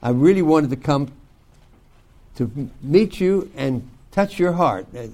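An older man teaching a youth Bible school class, folksy and joking, with loud bursts for emphasis. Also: a little high, animated, a little slow. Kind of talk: folksy devotional talk to youth.

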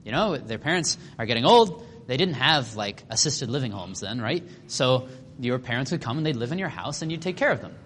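A man teaching a Bible study in a casual, animated way, acting out quotes and asking the class questions. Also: medium pitch, fairly quick, a little hiss or hum. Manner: animated, acts out quotes, asks the room questions.

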